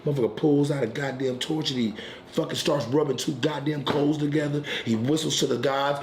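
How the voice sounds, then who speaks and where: A man hosting his weekly smoke-session stream, telling a wild story in a casual, profane, animated way from home. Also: fairly high pitch, fairly quick, roomy sound, slight background noise. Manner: profane, animated storyteller who turns loud and excited at the climax. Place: at home in a residential area.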